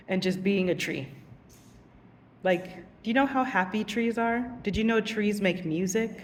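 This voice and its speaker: A young woman teacher telling casual vlog stories, animated and giggly, acting out voices. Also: fairly low pitch, long reverb tail, recorded from a distance, slight background noise.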